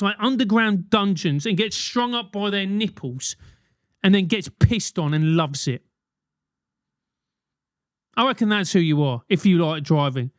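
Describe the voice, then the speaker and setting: A man in his forties hosts a solo podcast, ranting animatedly with swearing and mock voices. His voice is high-pitched, and the studio-quality recording has no room sound.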